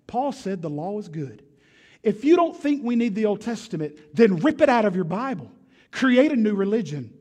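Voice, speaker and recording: High-pitched preaching man in a reverberant hall. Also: very animated, moderate pace. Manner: emphatic, rhetorical questions, loud preaching. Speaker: pastor. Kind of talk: sermon. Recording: long reverb of a large hall.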